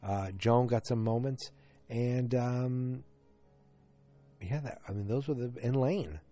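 A man's voice: mid-range voice, slow, warm tone, soft background music. A man giving a casual, rambling recap of a TV episode, with many ums and restarts. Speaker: TV episode reviewer.

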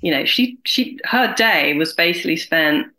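A woman in her forties, a guest in a candid interview, talking in an animated way and acting out other people's lines. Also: sits low, moderate pace, poor audio. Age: 40s. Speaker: guest, carer and writer.

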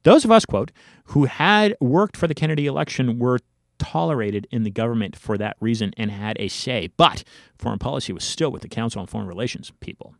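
A man's voice: medium pitch, animated, a little fast, creaky, no echo, studio quality. An American man hosting his own commentary show, reading from an article with emphatic asides and stumbles. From United States. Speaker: political commentary show host.

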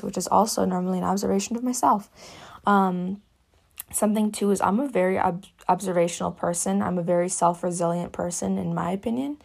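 A young woman hosting a reflective solo talk from her cabin, speaking softly and haltingly, often dropping to a whisper. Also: on the low side, gravelly. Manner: soft-spoken, halting, often drops to a whisper. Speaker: podcast host.

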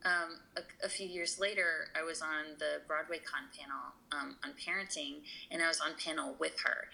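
Lady on a podcast, kinda low and gravelly, bright edge, earnest and rambly. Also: fairly even intonation, normal speed, a little hiss or hum, poor audio. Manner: earnest, emotional, many fillers and restarts. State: tearful. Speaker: podcast guest. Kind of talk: conversational interview.

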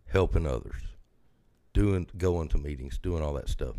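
A man's voice: extremely low pitch, a little slow, dark tone, no room sound. A man hosting a podcast, asking a guest long, earnest questions in a casual way. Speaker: podcast host. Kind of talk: casual interview.

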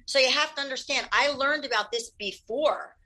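Animated woman healer, quick candid delivery, ringing bright tone. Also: high-pitched, rough recording. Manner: fast, animated, laughs often. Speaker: Reiki practitioner. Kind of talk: candid interview answers.

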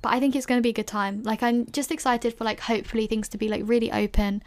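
A podcast host in her early twenties talks fast in a slightly high, steady, somewhat mellow voice. On her casual solo Q&A show she rambles chattily, filling it with "like" and self-conscious laughter.

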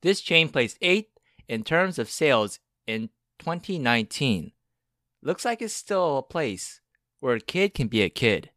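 Male podcast host, quizmaster, bright, very animated delivery, laughs and swears easily. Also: medium pitch, a little slow, no echo, clean studio sound. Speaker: podcast host running a quiz game. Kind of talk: casual podcast chat, reading quiz clues.

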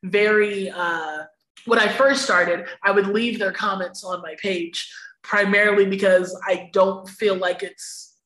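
A woman's voice: mid-range voice, fairly even intonation, a little slow, a bit bright, reverberant, poor audio. A woman guest on a podcast, talking candidly and emphatically, laughing often and swearing freely. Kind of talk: candid conversational interview.

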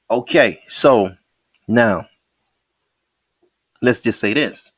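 A man hosting a podcast, talking in a casual, slangy, animated way full of rhetorical questions. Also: medium pitch, normal speed, long pauses, no room sound. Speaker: podcast host.

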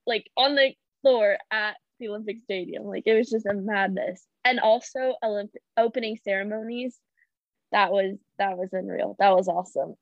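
A young woman who is an Olympic gymnast chats casually as a guest, telling stories at normal speed in a medium-pitched voice. She acts out the reactions she quotes and says "like" a lot. The audio is dull, dry and lo-fi.

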